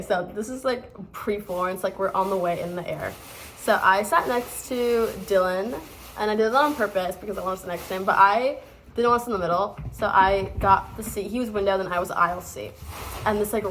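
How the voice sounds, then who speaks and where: A woman's voice: mid-range voice, a little hiss or hum. A young woman from the United States in her twenties, casually telling stories to the camera with lots of fillers and restarts. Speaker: vlogger.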